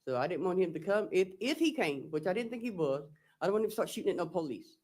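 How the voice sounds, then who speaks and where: A woman on trial as the defendant reads her text messages aloud in a lowish, slightly mellow voice that is very animated. Even so, she goes slowly and haltingly in plain speech, recounting each exchange with "I said" and "he said."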